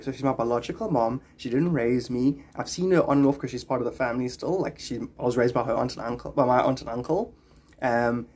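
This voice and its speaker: A man livestreaming casually, chatting in a rambling way and greeting viewers by name. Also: mid-range voice.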